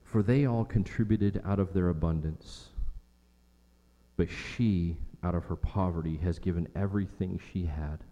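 A man's voice: deep voice, normal speed, mellow, long reverb tail, muffled recording. A man preaching a sermon as pastor, emphatic, repeating phrases and asking rhetorical questions.

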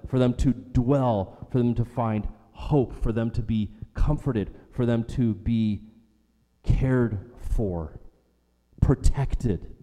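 A man's voice: mid-range voice, mellow. Earnest preacher man in a reverberant hall. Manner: earnest preaching, repeats phrases for emphasis, slows on key lines. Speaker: pastor. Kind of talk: sermon.

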